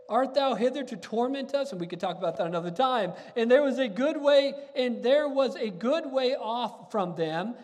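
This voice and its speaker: This is a pastor preaching in a church sanctuary, his voice pitched very high for a man. He reads scripture and talks it through in an earnest, animated way, often restarting his phrases. The sound carries a long hall reverb. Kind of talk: sermon reading scripture.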